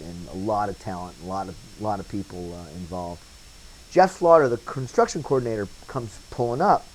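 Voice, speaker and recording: A man recalling a story in a casual documentary interview, telling it with lively anecdotes and acting out the voices he quotes. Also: medium pitch, poor audio. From Wilmington, North Carolina area. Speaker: interviewee, former set painter turned bit actor.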